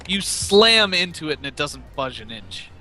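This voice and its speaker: In a sing-song, pushed, bright voice that sits a little high, a man runs a tabletop game over voice chat at normal speed. He lays out scenes and rulings in a laid-back manner, peppered with fillers.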